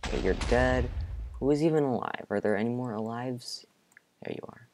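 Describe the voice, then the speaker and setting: A man's voice: medium pitch, moderate pace, noisy background. A man giving live gameplay commentary, jumping from muttering and near-whispers to panicky outbursts. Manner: drops to a near-whisper at times. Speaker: gaming commentator.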